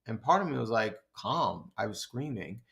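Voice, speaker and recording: A man's voice: lowish voice, a little fast, gravelly. A man co-hosting a podcast, telling a story in casual chat and acting out his own outbursts with laughter. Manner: animated, acts out his own shouting and laughs through stories. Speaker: podcast co-host.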